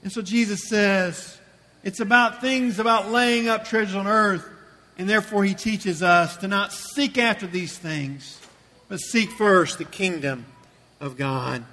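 Guy preaching a sermon, bright forceful voice, hammers his points over and over, echoey church. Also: high-pitched, measured pace. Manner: emphatic, repeats phrases for effect. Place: church sanctuary. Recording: long reverb from a church hall.

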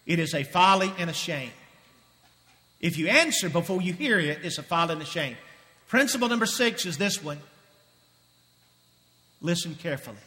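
High-voiced bright preacher in a reverberant hall. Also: male voice. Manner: emphatic, repetitive, swinging from loud to hushed. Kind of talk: sermon. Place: church sanctuary. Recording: long reverb of a large hall.

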